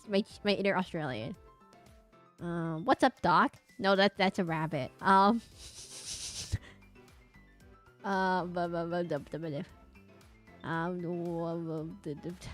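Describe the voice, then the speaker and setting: A woman VTuber streamer in casual chat while she draws, rambling and breaking off her own sentences, sometimes dropping to a quiet mutter. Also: medium pitch. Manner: rambling and self-interrupting, often laughing.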